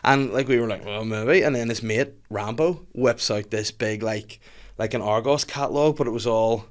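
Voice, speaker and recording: A man's voice: mid-range voice, moderate pace. Guy on a podcast, telling a story, laughs a lot, does the voices. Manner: animated storyteller, laughs often, acts out voices.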